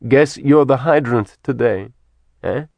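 A man's voice: mid-range voice, takes it slowly, vocal fry, darkish tone, dry recording. A man voicing a cruel, gloating male villain who taunts and mocks in an audiobook reading. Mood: mocking. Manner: mocking, taunting.

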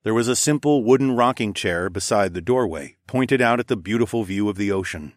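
A man narrating a first-person fantasy story in a steady, descriptive storytelling voice. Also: on the low side, a little fast, no room sound, studio quality. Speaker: audiobook narrator.

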